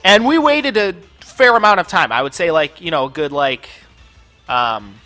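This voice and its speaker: A man with a high, very animated voice rants through a personal story while playing a video game. His talk is casual, full of fillers and swearing, and his tone is bright and sharp. Faint music plays underneath. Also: normal speed. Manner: profane, ranting, lots of filler words. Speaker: gaming channel host. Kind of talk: casual storytelling over gameplay.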